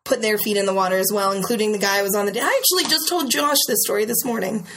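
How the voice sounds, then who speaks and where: A woman's voice: mid-range voice, rapid-fire, noisy background. A woman guesting on a casual podcast, telling stories with laughs and silly asides. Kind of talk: casual storytelling chat.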